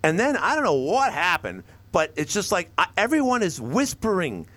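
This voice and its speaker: A man hosting a call-in radio talk show, rambling and animated as he acts out lines from shows. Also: sits high, normal speed, hardly any pauses.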